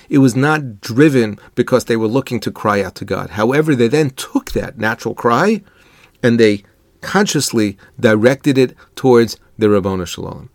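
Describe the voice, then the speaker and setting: A man's voice: mid-range voice, no echo, clean studio sound. A man giving an earnest, thoughtful Torah lecture, explaining ideas with Hebrew and Yiddish terms. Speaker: rabbi giving a Torah lesson.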